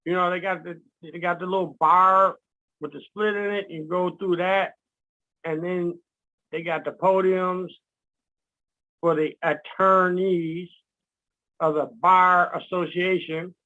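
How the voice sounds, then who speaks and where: A man teaching in casual talk, animated, acting out quotes and laughing at his own jokes. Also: high voice, slow, long pauses. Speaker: guest speaker. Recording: dull lo-fi sound.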